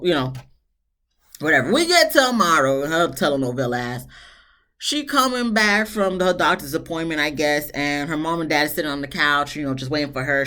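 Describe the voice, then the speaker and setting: A woman, recapping a reality show episode in a casual, animated way and acting out the quotes. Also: low-pitched. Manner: chatty, animated retelling with voiced quotes. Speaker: TV show reviewer.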